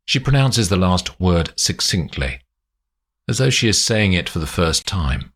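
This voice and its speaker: A man narrating a spy story aloud in a slow, expressive way. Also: low-pitched. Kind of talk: audiobook narration.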